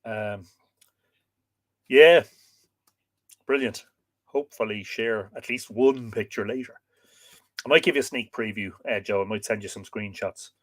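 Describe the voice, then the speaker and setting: A man's voice: lowish voice, measured pace, pauses often, fairly bright tone, no room sound. A man with an Irish accent hosting a livestream, chatting casually and enthusiastically with viewers and laughing often. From Ireland. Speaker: livestream host. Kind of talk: casual livestream chat, reading viewer comments.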